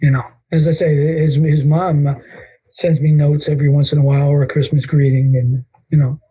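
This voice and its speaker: An older man, a wrestling photographer telling animated stories in an interview and acting out other people's lines. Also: fairly high pitch, a little fast, slightly rough, rough recording. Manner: animated storyteller acting out quotes. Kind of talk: storytelling interview.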